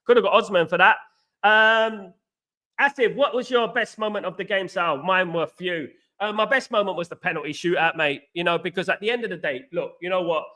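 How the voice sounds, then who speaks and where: A Cockney man from East London hosts a live football reaction stream, his voice pitched high and ringing with a bright, sharp edge. He is excitable and chatty, shouting out viewers by name and leaning on the same stock phrases again and again. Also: a little fast. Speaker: host of a football reaction livestream. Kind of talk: live reaction chat reading viewer comments.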